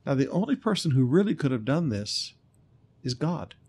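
A man's voice: mid-range voice, sing-song, moderate pace, creaky, darkish tone, breathy edge. A man preaching a sermon, reading scripture and then commenting emphatically, repeating key points. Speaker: pastor.

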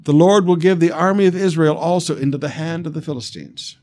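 A man reading the lines of a stern old male prophet's spirit gravely during a sermon, a little louder than his usual talk. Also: fairly high pitch, brisk, lightly acted.

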